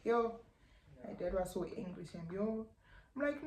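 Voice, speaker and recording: A young South African woman with a South African accent, telling a personal story in a lively vlog and acting out her relatives' lines. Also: mid-range voice, normal speed. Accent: South African English. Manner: animated, acts out relatives' lines, slangy. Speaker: YouTuber. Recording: echoey room, faint background hum.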